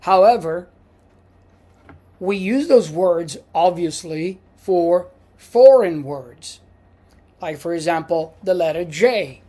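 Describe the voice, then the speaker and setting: A man with an Italian accent teaching pronunciation in a video lesson, patient and repeating each word, with frequent "uh" pauses. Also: high voice, animated, mellow. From Italy. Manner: slow, patient, repeats words for practice; frequent hesitations with uh. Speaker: language teacher.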